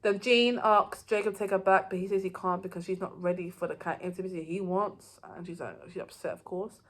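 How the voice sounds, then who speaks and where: A woman's voice: lowish voice, fairly even intonation, a little fast. A woman giving a casual, rambling recap of a TV season, with loose phrasing and frequent restarts. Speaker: TV show reviewer.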